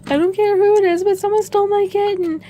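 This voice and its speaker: A woman putting on a frantic, screaming female tenant in a very high voice while telling a story. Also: steady tone, quick pace, warm tone, a little hiss or hum. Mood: hysterical. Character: hysterical shrieking woman tenant.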